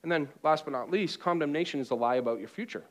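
A man in the pulpit, his voice pitched high, preaching with call-and-response. He swings between ringing exhortation and quiet, hushed passages, and drops in joking asides to the room. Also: lively intonation, quick pace. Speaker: pastor. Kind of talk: sermon. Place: church auditorium with congregation.

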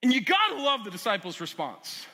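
A man preaching a sermon as pastor, swinging from loud urgent emphasis to quiet lowered asides. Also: wildly swooping pitch, fairly quick. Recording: long hall reverb.

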